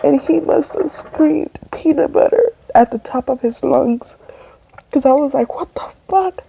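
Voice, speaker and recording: A woman telling a personal story while crying, halting and tearful, with many restarts. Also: high-pitched, vocal fry, warm tone. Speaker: vlogger. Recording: dull lo-fi audio with faint background noise.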